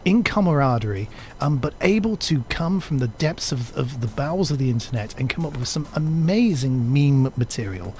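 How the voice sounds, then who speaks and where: A man's voice: medium pitch, expressive, normal speed, a little mellow. Chatty man stammering in a studio. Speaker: co-host. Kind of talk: casual studio chat.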